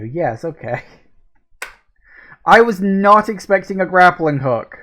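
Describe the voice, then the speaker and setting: Pitched fairly low, this female gaming host keeps up relaxed let's-play commentary, quick to get excited, laugh, or curse, and she reads on-screen game prompts aloud.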